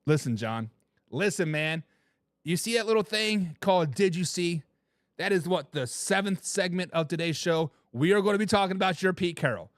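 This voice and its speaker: A man's voice: high-pitched, expressive, moderate pace, no echo, clean studio sound. Laid-back man hosting sports chat. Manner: laid-back, laughing often, repeats catchphrases. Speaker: sports talk show host. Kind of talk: casual live-stream chat reading viewer comments.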